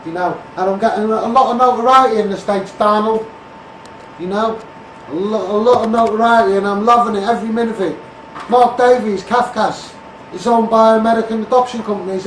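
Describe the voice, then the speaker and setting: A high-voiced man with a Scouse accent rants bluntly and repeats himself, calling people out one after another. He sounds set back from the mic in a roomy, echoing space with a faint hum of surroundings behind him. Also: recorded from a distance. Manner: blunt, repetitive, calls people out by name and asks "mate". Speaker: street campaigner. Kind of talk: ranting political monologue.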